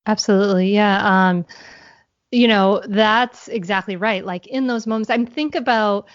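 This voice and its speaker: A woman's voice: mid-range voice, normal speed, dry recording, muffled recording. Earnest woman explaining on a podcast. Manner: earnest, explanatory, thinks aloud. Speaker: guest, mindfulness mentor for parents. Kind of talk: podcast interview answers.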